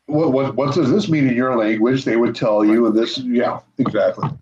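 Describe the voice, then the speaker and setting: A man's voice: medium pitch, normal speed, crowd noise. A man hosting an interview, eagerly agreeing and rephrasing his guest's points. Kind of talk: interview chat. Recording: dull lo-fi remote audio.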